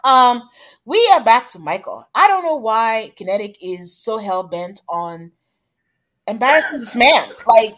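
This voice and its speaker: A woman's voice: a little high, very animated, measured pace, fairly bright tone. A woman co-hosting a podcast, chatting casually and retelling a reality show with quoted asides. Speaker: podcast co-host.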